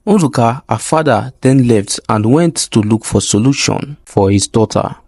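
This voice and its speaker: A man narrating a folk tale in an expressive, plain storytelling manner. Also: mid-range voice, unhurried, no room sound.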